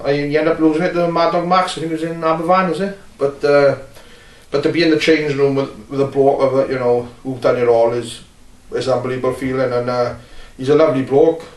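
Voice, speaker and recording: A Welsh man recalls his wrestling career in a loose, meandering way, full of pauses and blunt remarks. His voice sits at an ordinary pitch and sounds roomy and set back from the microphone. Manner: rambling, blunt, many filler pauses. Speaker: wrestler being interviewed. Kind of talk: casual shoot interview. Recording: roomy, distant mic.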